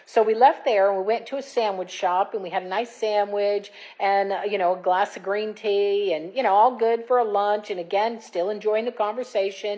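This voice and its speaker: A woman in her fifties, candidly retelling a date in a chatty, animated vlog story. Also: mid-range voice, moderate pace, few pauses, rough recording. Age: 50s. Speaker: dating vlogger. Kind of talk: casual storytelling.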